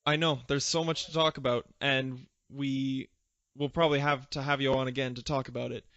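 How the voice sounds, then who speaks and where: A man hosts a podcast in relaxed chat. He makes dry, joking remarks. The sound is close and dry, with a dull, lo-fi edge. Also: medium pitch, a little fast, dry recording. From Canada. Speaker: podcast host. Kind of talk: casual chat.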